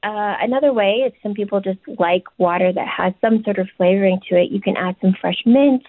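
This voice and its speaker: A woman's voice: medium pitch, fairly quick, no room sound. A woman, a nutritionist and chef, giving casual, chatty advice in an interview, with many "you know"s and "um"s. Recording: tinny dry phone line.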